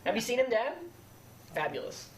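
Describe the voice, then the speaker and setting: A woman's voice: fairly high pitch, expressive, normal speed, poor audio. A young woman giving a jokey casting presentation in a student TV studio, laughing often. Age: young adult. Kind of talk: casual comedic pitch presentation.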